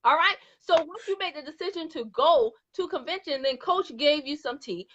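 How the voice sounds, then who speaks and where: A woman's voice: high-pitched, animated, moderate pace, a bit bright. A woman host chatting casually and playfully, laughing often. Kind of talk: casual interview chat. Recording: dull lo-fi sound.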